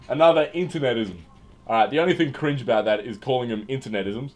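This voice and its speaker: A man's voice: mid-range voice, expressive, fast talker, darkish tone. A young man hosting a casual livestream and reading out chat, jokey and irreverent, swearing freely and often repeating words as he talks. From Australia.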